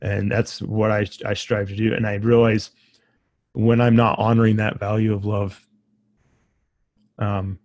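Low flat-voiced guy hosting a podcast, emotional and halting, dry close mic. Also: no room sound. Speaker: podcast host. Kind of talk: casual conversation.

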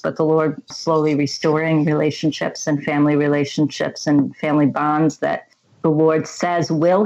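Low, even-toned woman telling her story. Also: lo-fi sound. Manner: earnest, reflective storytelling. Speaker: interview guest. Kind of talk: personal faith testimony.

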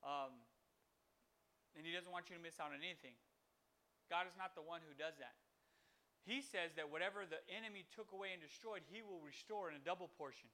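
A man hosting a devotional podcast, teaching informally in a rambling, animated way with many restarts. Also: on the high side, brisk. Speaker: podcast host giving a devotional.

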